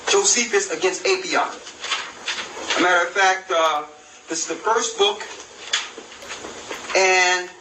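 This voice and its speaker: A man reading aloud from an old history text and commenting on it, slowly and emphatically, with rhetorical questions. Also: high voice. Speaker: religious video host. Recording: roomy echo, distant mic, noisy background.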